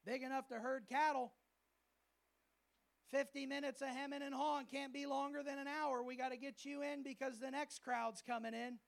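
A male pastor preaching a sermon at a church service, lively and humorous, often acting out the voices of people he quotes. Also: very high-pitched, normal speed, vocal fry.

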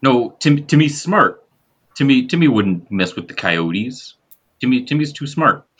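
A man voicing Buddy, a large sturdy male pit bull mix dog who speaks haltingly and earnestly. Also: mid-range voice, big pitch swings, fairly bright tone, slightly rough, highs cut off, voice pushed up, exaggerated voice. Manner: halting, stammering.

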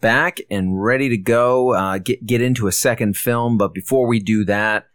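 A man co-hosting a casual podcast about films and beer, talking in a relaxed, chatty way with frequent restarts. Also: mid-range voice, moderate pace, no echo, clean studio sound. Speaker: podcast co-host. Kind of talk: casual film and beer chat.

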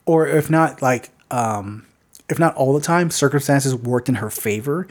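A man co-hosting a casual movie podcast. He talks loosely and profanely, drops "like" constantly, and laughs through his sentences. His voice sits at an ordinary middle pitch. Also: a little slow. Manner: loose, profane, heavy use of "like" fillers, laughs often. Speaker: podcast co-host. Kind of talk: casual movie review chat.

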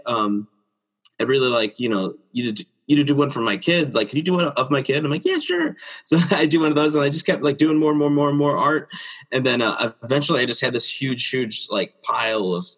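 A man in his thirties, a children's book illustrator, chatting as an interview guest and acting out quotes in a high voice with frequent laughs. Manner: animated storyteller, acts out quotes in a high voice, laughs often. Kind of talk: casual interview chat.

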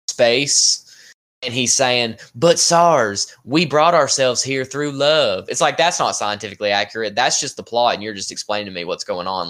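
Opinionated man reviewing a film casually. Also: fairly low pitch. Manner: animated, opinionated, fond of "like". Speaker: podcast co-host.

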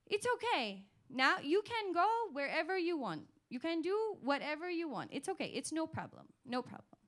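A woman doing a high, eager translator lady. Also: very animated, moderate pace. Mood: reassuring. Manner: high, bright, reassuring.

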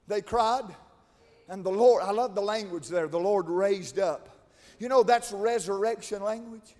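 A man preaching a sermon, swinging between shouted, chanted climaxes and quiet, conversational asides. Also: high-pitched, measured pace, pauses often. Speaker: pastor. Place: large church. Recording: long reverb of a church hall.

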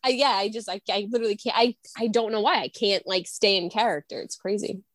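A woman's voice: mid-range voice, fast talker, a bit bright, no room sound. Giggly young woman full of "like". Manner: giggly, bubbly, filler-heavy. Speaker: podcast co-host. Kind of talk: casual chat.

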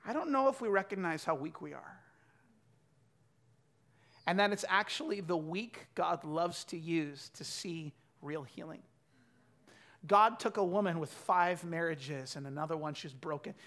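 A man in his thirties preaching a sermon, telling stories and swinging from loud bursts to quiet asides. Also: high-pitched. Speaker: pastor.

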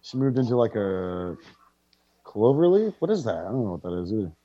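A man excitedly calling a wrestling match move by move as he watches it with friends, swearing freely and reacting loudly to each big moment. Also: on the low side, fairly quick, no echo, dull audio. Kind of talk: casual live watch-along commentary.

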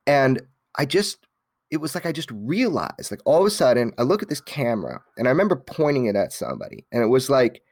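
A Los Angeles man being interviewed tells his life story a little fast in a mid-range voice, lively and frank, with many restarts and some casual cursing. The studio-quality recording has no echo.

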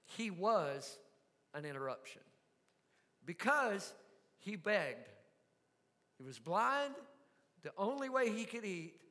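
A man preaching a sermon, telling a story with soft asides and sudden loud shouts. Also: high-pitched, big-room sound. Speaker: pastor.

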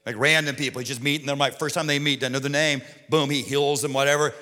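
Male pastor, comic sermon storyteller, bright voice, long hall reverb. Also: mid-range voice, quick pace. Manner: animated, comic storytelling with shouted punchlines.

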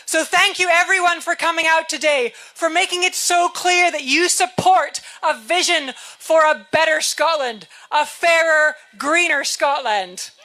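A woman's voice: very high voice, unhurried, few pauses, bright, forceful tone. A woman politician giving a rousing speech at an outdoor rally and repeating slogans.

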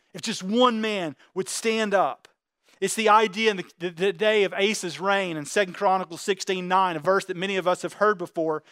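A man preaching a sermon, reading scripture and voicing God's words with rising, animated intensity. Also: high voice, dry recording. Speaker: pastor.

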